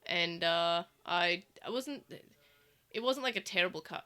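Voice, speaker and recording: A woman's voice: fairly low pitch, unhurried, sharp tone. A woman with an Australian accent chatting casually while streaming a game, rambling, with many fillers and restarts. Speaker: let's play streamer. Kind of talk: casual gameplay chat.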